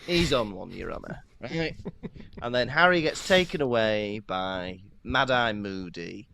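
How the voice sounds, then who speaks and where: A man's voice: fairly low pitch, unhurried, creaky, a little hiss or hum. A man co-hosting a casual podcast, telling stories with laughter. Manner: lively and laughing, animated storytelling. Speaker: podcast co-host. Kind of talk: casual chat.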